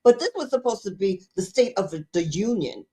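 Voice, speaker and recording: A woman's voice: mid-range voice, expressive, a little fast, dark tone. A middle-aged woman co-hosting a podcast, chatting casually and rambling as she searches for words, laughing easily. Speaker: podcast co-host. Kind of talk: casual chat.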